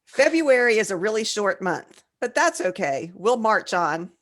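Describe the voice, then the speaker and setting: A woman's voice: mid-range voice, sing-song. A woman co-hosting a casual writing podcast, trading jokes and reading definitions aloud, a little tipsy. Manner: joking, reads definitions aloud slowly. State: tipsy, slurring slightly. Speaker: podcast co-host. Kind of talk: casual chat.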